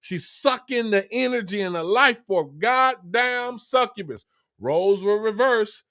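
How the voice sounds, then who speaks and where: A man's voice: sits high, animated, unhurried, fairly bright tone, no echo, studio quality. A middle-aged man hosting a casual livestream, preaching in street talk and acting out both sides of a conversation. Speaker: livestream host.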